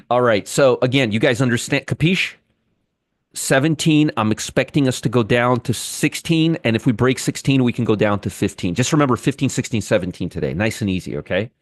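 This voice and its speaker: A man hosts a daily trading show, talking viewers through chart levels in an emphatic, repetitive way. His voice sits at an ordinary pitch and sounds close and dry, with no room around it. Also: fairly quick, no echo. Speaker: market commentary host. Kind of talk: casual trading analysis monologue.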